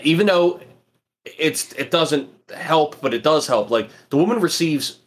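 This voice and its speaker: A man's voice: fairly high pitch, a little slow. A man co-hosting a casual chat about a TV show, talking loosely with lots of fillers. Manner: lively, loose, filler-heavy. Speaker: podcast co-host.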